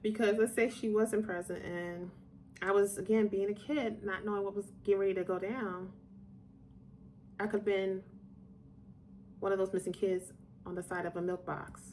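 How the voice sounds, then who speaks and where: A middle-aged woman talks casually to her viewers, drifting into side stories and warming up as she recalls the past. Her voice sits at an ordinary pitch, and there is a faint hiss of noise behind it. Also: moderate pace, long pauses. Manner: chatty, digressive, animated when quoting people. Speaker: vlogger telling personal stories. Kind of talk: casual storytelling to camera.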